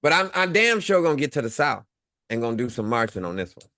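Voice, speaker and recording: A man's voice: mid-range voice, very animated, quick pace, pushed and bright, no echo, clean studio sound. A man co-hosting a casual online talk show, talking in a rambling way with lots of fillers and chuckles. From Midwest United States. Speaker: co-host. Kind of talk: casual livestream chat.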